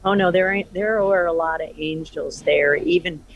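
A woman's voice: on the low side, moderate pace, muffled recording, a little hiss or hum. A middle-aged woman, an interview guest, telling a personal story in an emphatic, rambling way with many restarts. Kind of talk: emotional personal account in an interview.

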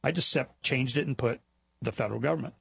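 A middle-aged man hosting a talk show, telling stories in a rambling, animated way and mimicking other people in high mocking voices. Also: fast talker, creaky, husky. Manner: rambling, with repetitions and restarts. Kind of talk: casual monologue.

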